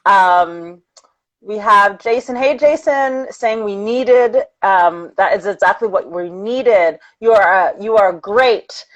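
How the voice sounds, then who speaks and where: A woman's voice: mid-range voice, slow pace, poor audio. A woman hosting a live-streamed interview, effusive and reading viewer comments aloud. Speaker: interview host.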